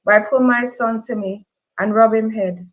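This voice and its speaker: A woman's voice: fairly even intonation, normal speed, low-quality recording. Jamaican woman reading emotional fiction. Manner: emotional first-person reading, rising to high cries in dialogue. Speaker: reader. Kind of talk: audiobook-style fiction reading.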